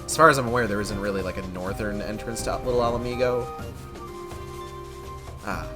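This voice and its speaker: A man's voice: lowish voice, brisk, music in the background. A man commentating his game playthrough in a goofy, sarcastic way, swearing casually. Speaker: streamer. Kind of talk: let's-play commentary.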